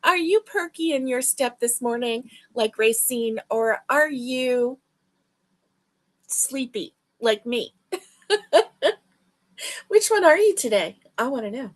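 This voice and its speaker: A woman with a slightly high voice hosts a crochet livestream. She talks slowly and sounds tired, with yawns between her chatty greetings to viewers. It sounds like she is speaking into a livestream webcam mic. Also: animated. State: tired and yawning. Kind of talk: casual livestream chat.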